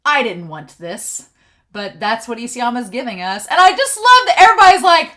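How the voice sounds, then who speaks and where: A woman giving a casual recap and commentary on an anime episode, excitable and thinking aloud, often checking in with "right?". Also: on the high side, moderate pace.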